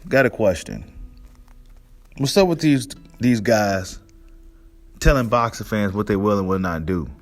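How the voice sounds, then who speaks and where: A man's voice: lowish voice, lively intonation, measured pace, long pauses, faint music behind. A man hosting a boxing monologue, ranting in a heated, profane way and asking his audience "right?" again and again. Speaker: boxing commentary host. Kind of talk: casual rant monologue.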